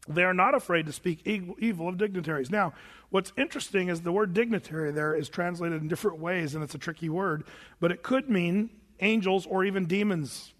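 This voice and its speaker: A pastor delivering a sermon in a loose, conversational way, his voice sitting high for a man. He now and then mimics shouting televangelists. The sound carries a long reverb from a large hall.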